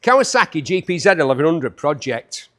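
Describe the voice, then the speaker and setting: A man's voice: a little high, sing-song, brisk, a bit bright. A man in his fifties hosting a chatty, jokey walkaround preview of bikes up for auction. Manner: chatty, enthusiastic, jokey asides.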